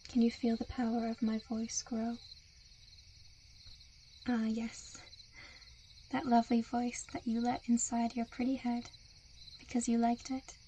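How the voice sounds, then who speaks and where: A woman in a whispered role-play, with a soft, soothing and coaxing hypnotic murmur. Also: a little high, completely flat delivery, a little slow, long pauses, slight background noise. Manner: seductive, coaxing.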